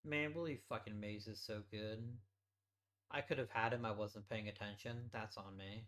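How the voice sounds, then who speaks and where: A man's voice: lowish voice, fairly even intonation, moderate pace, fairly bright tone. A man hosting a let's play, giving casual gameplay commentary as he thinks aloud and swears offhandedly.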